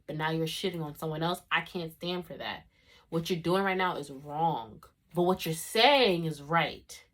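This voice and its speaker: A woman with a fairly low voice tells a story in a casual storytime vlog. She's animated and keeps saying "like" and "you know what I'm saying."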